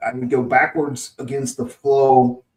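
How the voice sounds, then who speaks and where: A man's voice: mid-range voice, flat delivery, a little slow, darkish tone, distant mic. A man from Mississippi telling a long workplace story in casual podcast chat, with lots of restarts and chuckles. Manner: rambling anecdotes with frequent restarts and chuckles. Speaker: podcast host. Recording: roomy, set back from the mic.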